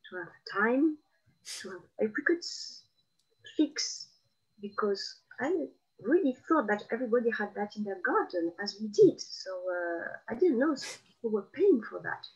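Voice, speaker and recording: A middle-aged woman from Provence whose Southern French accent comes through in every phrase. She answers interview questions in an unhurried, reflective way, pausing often as she recalls things. The recording sounds slightly muffled. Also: on the high side, sing-song, slightly rough. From Provence, France. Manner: reflective, unhurried storytelling with frequent pauses. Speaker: guest. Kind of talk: casual video interview.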